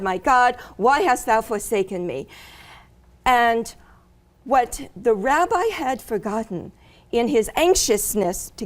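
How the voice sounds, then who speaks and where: A middle-aged woman earnestly telling her faith story, with frequent fillers and pauses. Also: a little high. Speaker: guest sharing her testimony. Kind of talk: personal testimony in conversation.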